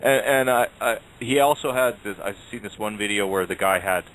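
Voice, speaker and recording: A man's voice: fairly low pitch, a little fast, a bit bright, low-quality recording. A man chatting casually on an internet radio show, rambling with many restarts. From Canada. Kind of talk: casual chat. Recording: faint background noise.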